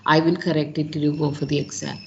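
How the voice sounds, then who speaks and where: A woman's voice: low voice, level tone, fast, creaky, a little mellow, highs cut off, a little hiss or hum. Sri Lankan woman teaching an exam class. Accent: Sri Lankan English. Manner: instructive, checks in with frequent "right?". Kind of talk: online class lecture.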